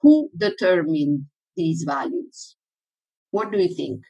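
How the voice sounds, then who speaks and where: A woman's voice: low-pitched, big pitch swings, slow, vocal fry, warm tone, breathy edge, poor audio. A woman giving a workshop lecture in English, her first language Italian, who often asks the audience questions and then answers them.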